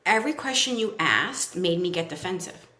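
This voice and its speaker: This Brooklyn woman, a child therapist guesting on a podcast, speaks with a New York accent in a low-leaning voice that's pushed and bright, with lively intonation at a normal speed. She chats casually, using plenty of fillers and acting out what kids say. The room has a roomy echo.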